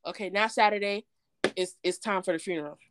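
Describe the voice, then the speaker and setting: Animated woman telling a story. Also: mid-range voice, fairly quick, slight background noise. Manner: animated storyteller, quotes others in dialogue. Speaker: podcast co-host. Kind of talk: casual chat, storytelling.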